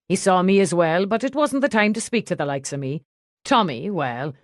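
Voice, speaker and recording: A man's voice: high-pitched, fairly bright tone, no echo, studio quality. A woman voicing a boisterous, burly pub owner who talks in a hearty, teasing, roaring way. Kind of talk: audiobook character voice.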